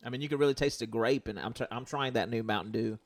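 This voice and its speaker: A man's voice: mid-range voice, quick pace, no echo. Host, male, middle voice, rambly and filler-heavy casual talk. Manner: rambling, many fillers and "you know". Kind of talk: casual chat.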